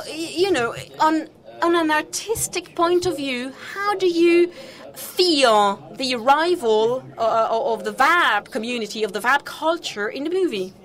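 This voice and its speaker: High-voiced woman moderating hesitantly. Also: a bit bright. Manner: hesitant, many fillers and restarts. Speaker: panel moderator. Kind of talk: moderating a conference panel.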